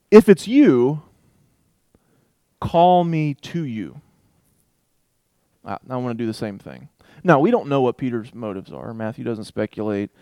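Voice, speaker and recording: A man teaching a Bible passage in a relaxed, conversational way, reading verses aloud and thinking out loud with asides. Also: mid-range voice, vocal fry, clear, resonant tone, no room sound. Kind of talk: casual Bible study talk with scripture reading.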